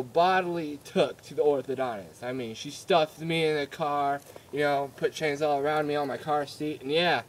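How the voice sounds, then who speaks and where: A young man rambles through a story for his vlog, giggling and tripping over fillers and restarts. His voice sits a little high for a man, and the telling stays loose and chatty. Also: a little hiss or hum. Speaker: vlogger.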